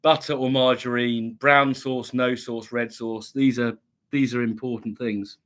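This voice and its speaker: A man from England chats through a home livestream, reading viewer comments aloud and answering them. His talk wanders, full of ums and restarted phrases, at an ordinary middle pitch. A slight cough still lingers in his voice from a recent illness. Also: steady tone, a little slow, fairly bright tone. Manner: chatty, rambling, many ums and restarts. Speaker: livestream host reading chat. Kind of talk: casual chat.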